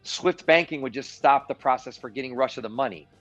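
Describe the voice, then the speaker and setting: A man's voice: medium pitch, a little fast, a bit bright, highs cut off, soft background music. A man hosting a live-streamed show and giving emphatic, self-assured commentary with sarcastic asides. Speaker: show host. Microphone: live-stream mic.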